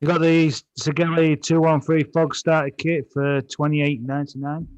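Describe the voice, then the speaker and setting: A man's voice: on the high side, flat delivery, moderate pace, a little mellow, smooth, no echo, muffled recording. A man co-hosting a podcast, reading out a list of deals and stumbling over product names. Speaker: podcast co-host.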